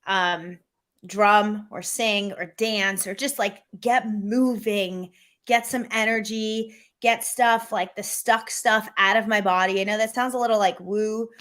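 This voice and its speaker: A middle-aged woman, a sales coach, talking as a guest in a video-call interview, energetic and animated, acting out quotes as she tells stories. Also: medium pitch, measured pace.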